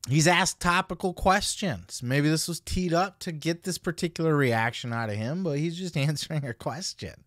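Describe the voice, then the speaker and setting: A man's voice: fairly high pitch, normal speed, hardly any pauses, fairly bright tone, dry recording, studio quality. A man hosting a podcast, giving casual commentary in a blunt, heavily profane way. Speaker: podcast host.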